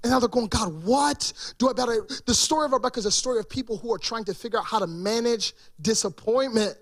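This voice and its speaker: A man's voice: very high voice, quick pace. A male pastor preaching an emphatic sermon and throwing rhetorical questions to the congregation.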